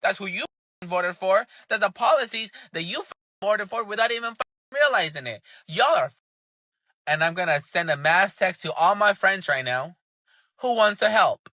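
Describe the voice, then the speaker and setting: A man's voice: high-pitched, expressive, moderate pace, pushed and bright, no room sound. Furious swearing man with a tense voice. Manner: sarcastic, furious, swears heavily. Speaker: commentator. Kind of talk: angry profane rant.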